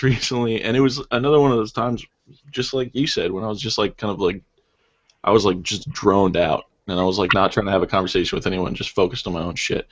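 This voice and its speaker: A man with a mid-range voice chimes in with quick agreeing remarks and easy laughter in casual chat. The recording is dull and lo-fi. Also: mid-range voice. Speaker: podcast co-host. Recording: dull lo-fi sound.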